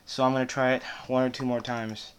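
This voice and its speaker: A man's voice: mid-range voice, level tone, a little fast, a little hiss or hum. A man chatting between takes of his own rap song in a studio, weary and self-mocking as he rambles. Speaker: amateur rapper recording takes.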